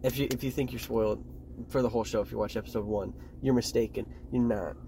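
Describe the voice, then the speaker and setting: A young man co-hosting a podcast, calmly walking through plot points in casual chat. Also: mid-range voice, fast talker, vocal fry, noisy background. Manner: steady plot recapping, frequent agreeing "yeah". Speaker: podcast co-host.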